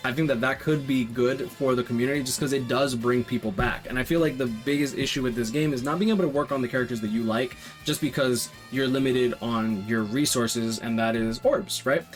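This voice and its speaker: A man of ordinary pitch chats through gaming poll numbers in a loose, off-the-cuff way, full of "uh" and "like" and restarted sentences. Soft music plays faintly underneath his voice. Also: fairly quick, few pauses. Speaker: gaming YouTuber. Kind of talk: casual commentary on survey results.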